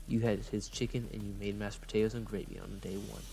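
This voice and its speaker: A man's voice: lowish voice, flat delivery, fairly quick, warm tone, faint music behind. A man reading a story game aloud, playful and breaking off for jokes.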